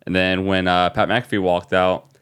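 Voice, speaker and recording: A man from New Orleans, a young adult, guest on a podcast, telling an excited story with many fillers. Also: deep voice, normal speed, smooth. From New Orleans, USA. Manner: animated, excited retelling with fillers. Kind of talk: casual storytelling.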